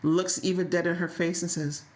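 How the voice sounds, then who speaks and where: A woman co-hosting a casual soap opera recap, telling stories in a lively, sassy way with frequent laughs. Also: on the low side, brisk, reverberant, background noise. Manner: animated, laughing, sassy storytelling. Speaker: podcast co-host.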